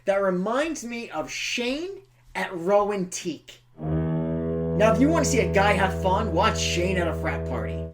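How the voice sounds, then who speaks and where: Animated, teasing male podcast co-host. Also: high-pitched, a little slow, over music. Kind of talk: casual film review chat.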